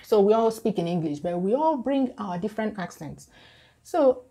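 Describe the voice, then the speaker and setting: A woman's voice: medium pitch, lively intonation, dark tone. A middle-aged Nigerian woman with a Nigerian accent who talks to camera on her channel, earnest and careful. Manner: earnest, slow and careful, reading out viewer comments. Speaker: YouTube creator. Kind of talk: talking to camera.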